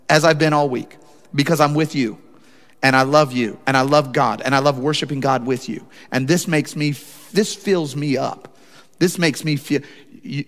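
A man preaching a sermon, telling a personal story and speaking straight to his congregation in an animated way. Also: a little high, big-room sound. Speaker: pastor.

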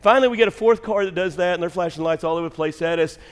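A high-pitched man delivers a sermon from the pulpit. He works a comic story with lively, acted-out energy before turning to the message. His voice carries a long church-hall reverb. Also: rapid-fire, clear, resonant tone. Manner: animated storyteller who acts out his wife's yelling. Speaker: pastor. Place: church sanctuary.

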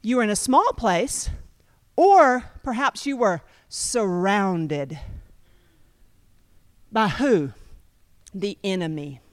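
A woman preaching a sermon, talking straight to her congregation with lively repetition. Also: mid-range voice, takes it slowly, long pauses, no echo, clean studio sound. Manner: animated, repetitive, addresses congregation directly.

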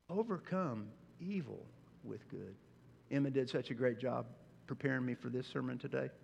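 A male pastor delivering a sermon, animated and expressive, sometimes acting out incredulous reactions. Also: mid-range voice, vocal fry, long reverb tail, a little hiss or hum.

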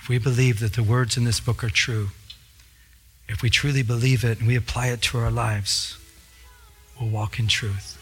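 A man's voice: medium pitch, steady tone, normal speed, pauses often, faint music behind. A male pastor preaching a sermon with fervor, repeating phrases for emphasis.

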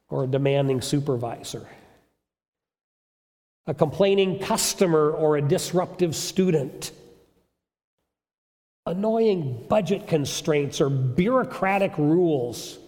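A man's voice: a little high, darkish tone, in a large hall. A male pastor preaching a sermon in an emphatic storytelling manner with rhetorical questions.

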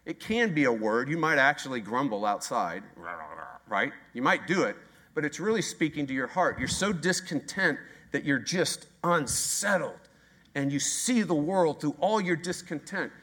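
A man's voice: a little high, expressive, moderate pace, fairly bright tone. A man preaching a sermon, emphatic and repetitive, often asking the congregation rhetorical questions. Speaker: pastor.

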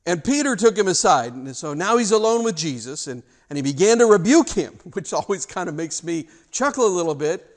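A man preaching a sermon as pastor, retelling a passage in an emphatic, animated way with frequent restarts. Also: high-pitched, a little fast.

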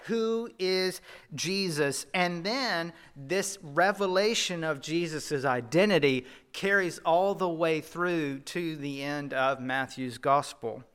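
A Southern US pastor preaches with a light, high-set voice and a bright, forceful edge. He keeps the tone conversational and throws rhetorical questions to the congregation. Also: takes it slowly, clean tone. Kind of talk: sermon.

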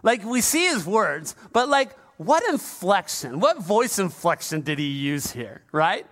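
A male pastor preaches a sermon in a conversational, humorous way, turning often to the congregation. His voice sits very high for a man and sounds bright, and he talks at an unhurried, slow pace. A long reverb from a large church hall follows him. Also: big pitch swings.

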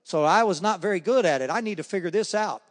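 A man giving a spoken faith testimony, telling his story with animated energy and acting out the voices of the people in it. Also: high voice, fast talker. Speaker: speaker sharing his testimony. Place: church hall or meeting room. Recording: long hall reverb.

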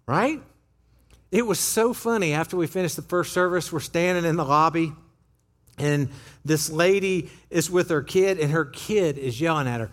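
A man preaching a sermon as pastor in a church, conversational and animated, acting out little quotes as he goes. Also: on the high side, normal speed. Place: church sanctuary.

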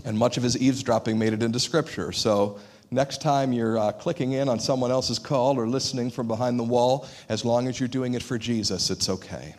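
A man preaching a sermon as pastor, in an animated, conversational way. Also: mid-range voice, a little fast. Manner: animated, conversational, acts out quoted voices.

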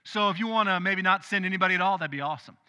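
A preacher voicing a wary male disciple who hesitantly pushes back against God in casual, halting speech. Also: high-pitched, pushed and bright, in a large hall. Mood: nervous pleading.

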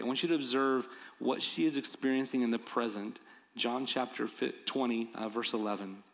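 A man's voice: medium pitch, vocal fry, fairly bright tone, big-room sound, poor audio. A male pastor preaching a sermon, earnest and building to emphatic, repeated appeals.

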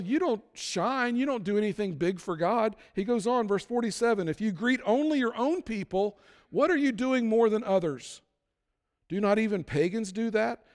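A man preaching a sermon as pastor, building from calm teaching to loud, emphatic peaks. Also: sits high, big-room sound.

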